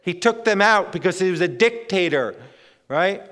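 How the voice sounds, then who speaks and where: A man's voice: high-pitched, expressive, moderate pace, a bit bright. A male pastor preaching a sermon to his congregation, emphatic, repeating phrases and often restarting his sentences. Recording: long hall reverb.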